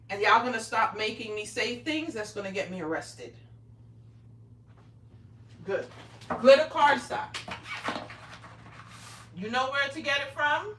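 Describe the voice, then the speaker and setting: A little high and fairly bright, the middle-aged host's voice has lively intonation and an unhurried pace with long pauses. She chats casually during her home craft livestream, teasing in a bossy, brash, foul-mouthed way. She's off-mic, with a roomy echo.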